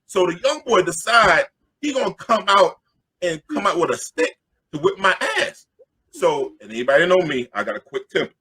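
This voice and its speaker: A middle-aged man from Queens, telling an animated, jokey story and loudly acting out the crowd. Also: high-pitched, moderate pace, breathy edge. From Queens, New York.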